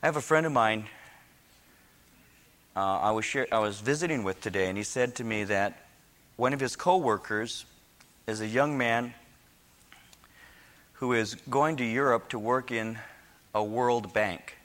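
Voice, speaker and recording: A man's voice: mid-range voice, measured pace, long pauses, fairly bright tone. A male pastor preaching a sermon in a folksy way, with joking asides that turn into fervent preaching. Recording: long hall reverb.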